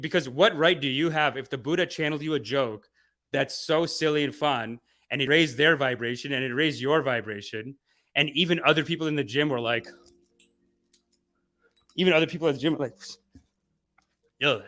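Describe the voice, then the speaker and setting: A man's voice: on the high side, pushed and bright. A young man hosting a satirical spiritual-guru livestream, mock-preachy and playful, reading chat comments and mimicking people. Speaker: comedy guru host.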